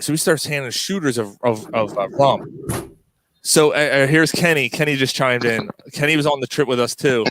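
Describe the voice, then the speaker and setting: A man's voice: medium pitch, normal speed, a bit bright. A man hosting a casual chat, telling a long story with many restarts and laughs. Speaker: podcast host.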